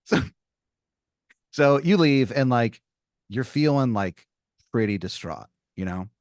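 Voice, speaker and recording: A man's voice: medium pitch, animated, slow, darkish tone, dry recording, clean studio sound. A man hosting a podcast, improvising a comedic scenario in a rambling style full of "like" and "you know.".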